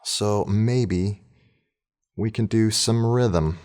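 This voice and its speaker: Very low-voiced man teaching casually. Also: extremely slow, a little mellow. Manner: casual, chatty, thinking aloud. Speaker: orchestra teacher. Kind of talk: screen-recorded tutorial.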